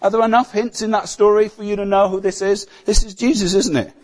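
A man's voice: high-pitched, steady tone, a little fast. A man preaching a sermon in a conversational way, often putting rhetorical questions to the congregation.

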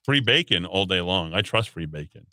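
A man's voice: low-pitched, lively intonation, moderate pace, bright, forceful tone, dry recording. A man hosting a talk radio show, reading listener texts aloud with sarcastic jokes. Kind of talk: casual radio banter.

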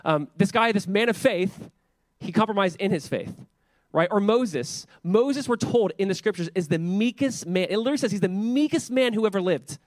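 Lively, chatty pastor man, dry sound. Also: high voice, normal speed, no room sound. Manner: animated, filler-heavy, acts out scripture voices. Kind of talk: casual conversational sermon.

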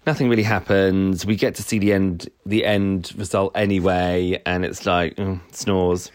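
A man's voice: low-pitched, fairly even intonation, normal speed. A man co-hosting a podcast, rambling casually and laughing often. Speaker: podcast co-host. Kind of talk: casual chat.

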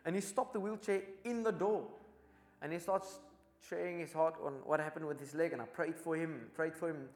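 Animated South African man, evangelist storytelling, slightly high voice, roomy echo. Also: normal speed. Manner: animated, earnest, laughs while telling stories. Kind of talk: casual storytelling testimony. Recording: echoey room.

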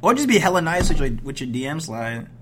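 A co-host in casual chat, loud and joking, laughing often. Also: mid-range voice, big pitch swings, quick pace, a little hiss or hum. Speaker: podcast co-host.

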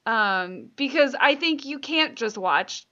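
A woman co-hosting a podcast in easy, chatty conversation, often laughing and padding her talk with fillers. Her voice is bright and forward, and the recording sounds somewhat dull and lo-fi. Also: fairly high pitch, expressive, slow pace. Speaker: podcast co-host. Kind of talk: casual chat.

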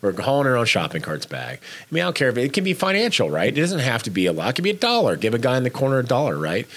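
A man's voice: medium pitch, wildly swooping pitch, racing, a bit bright. A man co-hosting a casual chat, urging listeners to be kind, talking emphatically and bluntly with frequent restarts.

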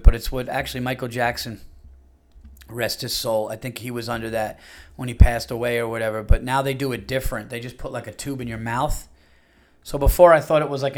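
A man, under fifty, hosting a podcast in a casual monologue, blunt and crude, rambling with many fillers. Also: mid-range voice. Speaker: podcast host.

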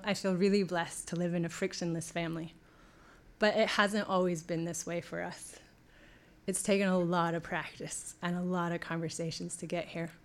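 Woman telling a personal story. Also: mid-range voice. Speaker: speaker giving a talk. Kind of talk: storytelling talk.

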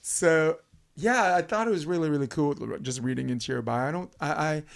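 A man's voice: on the high side, a little fast, gravelly. A man with a Brooklyn accent hosting a podcast interview, loose and joking, swearing and laughing as he talks. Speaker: podcast host. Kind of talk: casual interview chat.

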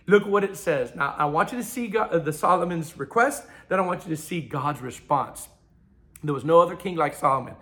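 A man preaching a sermon with a bright, forceful voice pitched a little high. He swings between loud, emphatic bursts and quiet asides. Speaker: pastor.

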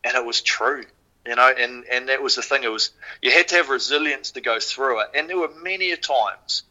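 Bright-voiced New Zealand man telling stories. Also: medium pitch, a little fast, low-quality recording. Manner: animated, swears freely, many fillers. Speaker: podcast guest, former rower. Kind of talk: casual storytelling.

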